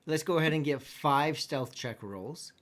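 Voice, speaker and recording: A man's voice: on the high side, expressive, a bit bright, a little hiss or hum. Easygoing man running a tabletop game. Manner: easygoing, halting. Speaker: game master.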